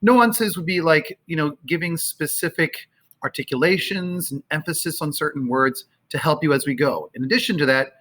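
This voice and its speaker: A man teaching a choir, talking casually and singing out phrases slowly to show how they go. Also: on the high side, fairly bright tone. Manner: sings and chants phrases slowly to demonstrate; conversational with fillers. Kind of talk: choral rehearsal instruction. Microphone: camera, sometimes moving off it.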